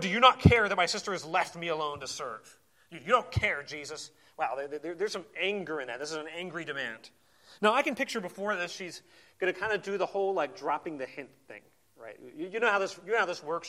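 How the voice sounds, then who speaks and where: A man preaching a sermon in a conversational, animated way, often repeating words as he goes. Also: a little high.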